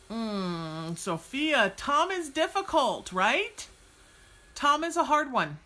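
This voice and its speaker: A woman's voice: a little high, lively intonation, slow, pushed and bright. A woman hosting a psychic podcast, chatting casually and bluntly with viewers and cheering them on with gushing enthusiasm. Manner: blunt, exuberant, gushing, breaks into cheers and song snippets. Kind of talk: casual live-stream chat with viewers.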